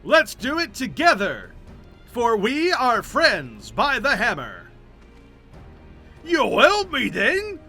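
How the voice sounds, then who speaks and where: A man voicing a proud, hearty male blacksmith in a game, with rough sailor-like speech and dropped words. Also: very high voice, huge pitch swings, takes it slowly, pauses often, sharp tone, faint music behind, voice pushed up, full character voice.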